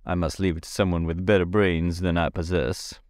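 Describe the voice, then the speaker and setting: A man voicing a kindly, cheerful tin man who speaks calmly and courteously. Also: low voice, fairly quick, dry recording, clean studio sound, lightly acted. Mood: reassuring.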